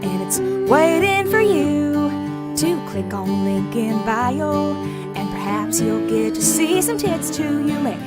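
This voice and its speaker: A woman singing as a flirty spam-bot seductress in a comic pop song over loud guitar music. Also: sits high, very animated, slow, heavily acted. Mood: teasing. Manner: sultry, teasing, sung.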